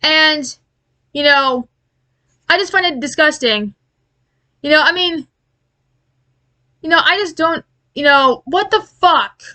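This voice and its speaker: A woman giving an angry, profane commentary rant, exasperated and halting with many restarts. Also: high voice, pushed and bright. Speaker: aviation commentary YouTuber.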